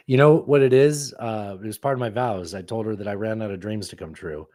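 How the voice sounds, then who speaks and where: A man in his thirties hosting a casual podcast, rambling and animated, who swears casually. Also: lowish voice, brisk, few pauses, no room sound. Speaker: podcast host. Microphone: studio microphone.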